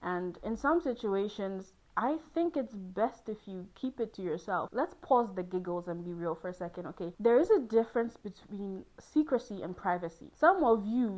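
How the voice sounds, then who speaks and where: A young Ghanaian woman hosts a casual chat to camera, bubbly and laughing a lot, sometimes breaking into high squeals of excitement. The audio quality is poor.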